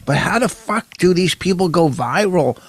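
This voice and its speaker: A man's voice: high-pitched, lively intonation, moderate pace, breathy edge, no room sound. Brash, profane older male podcast co-host with a grumbling comic edge. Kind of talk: casual comedic podcast banter. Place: home podcast studio.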